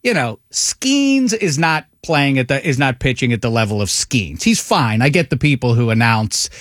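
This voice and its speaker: A man's voice: medium pitch, big pitch swings, normal speed, a bit bright, dry recording. A man chatting sports as a guest, with a voice that swings up and down a lot as he jokes around in mock-grand phrases. He talks into a headset, and the sound is close and dry with no room to it. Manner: playful, jokey, grandiose phrasing. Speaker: radio show guest. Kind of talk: casual sports chat.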